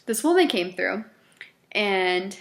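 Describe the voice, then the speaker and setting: A woman vlogger telling stories from her fast food job in a casual, animated way, laughing often and acting out her customers. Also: mid-range voice, vocal fry. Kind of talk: casual storytelling to camera.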